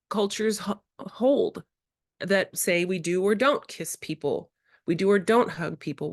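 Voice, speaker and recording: A woman presenting a childcare workshop, who acts out playful exchanges with children in bright, high voices. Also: no room sound, studio quality. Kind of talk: early childhood workshop talk. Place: indoor workshop room.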